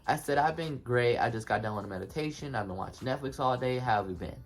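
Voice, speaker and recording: A young man telling a casual storytime vlog, animated and slangy, talking straight to his viewers. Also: mid-range voice, fast talker. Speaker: vlogger.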